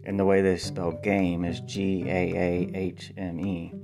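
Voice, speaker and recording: A man's voice: sits low, unhurried, creaky, hardly any pauses, over music. A man, a playwright, talking casually about his play, thinking aloud with ums and spelling words out letter by letter. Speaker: playwright and podcast host. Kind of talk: casual spoken monologue.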